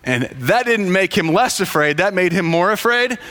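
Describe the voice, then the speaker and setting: A man telling a parable in casual storytelling, halting with frequent fillers and restarts. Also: sits high, lively intonation, bright, forceful tone. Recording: long hall reverb.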